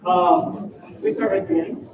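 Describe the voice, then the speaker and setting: A man's voice: sits high, moderate pace. A man coaching a school choir in rehearsal, demonstrating how to shape words. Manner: animated, demonstrates words by speaking them. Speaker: choir clinician. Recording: echoey room, far from mic, dull, noisy.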